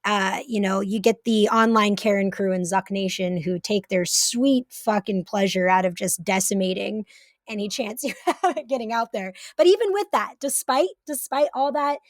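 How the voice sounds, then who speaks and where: A woman's voice: mid-range voice, normal speed, no room sound, clean studio sound. A woman guest talking casually on a podcast, chatty and swearing freely, with many fillers. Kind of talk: casual chat.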